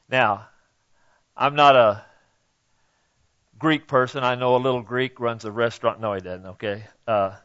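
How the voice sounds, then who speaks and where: A man preaching a sermon in a conversational way, often checking in with "okay?", rising on his key questions and dropping low for asides. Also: fairly bright tone, lo-fi sound. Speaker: pastor.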